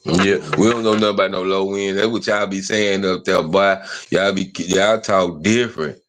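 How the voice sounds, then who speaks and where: A man's voice: deep voice, fairly even intonation, moderate pace, fairly bright tone, no echo. Slangy rambling man hosting a podcast. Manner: loose, slangy, rambling with fillers. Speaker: podcast host. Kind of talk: casual podcast chat.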